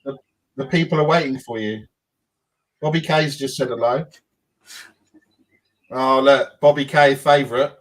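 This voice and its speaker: A man's voice: medium pitch, measured pace, long pauses, low-quality recording. A man co-hosting a podcast in casual banter, teasing the others and prodding them to speak up. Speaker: podcast co-host.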